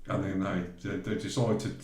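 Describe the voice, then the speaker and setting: Speaking low at a normal speed, a Great Barr, England man recounts a travel story on a podcast, playing out both sides of the dialogue in quoted voices with lively energy. The room sounds echoey, and there's a little hiss or hum.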